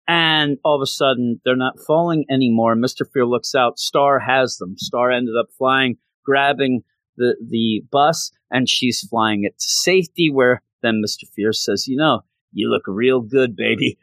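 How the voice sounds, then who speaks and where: Chatty, excited male comic recapper. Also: medium pitch, measured pace, dry recording. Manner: excited, chatty, acts out lines. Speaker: comic book reviewer. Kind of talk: casual recap.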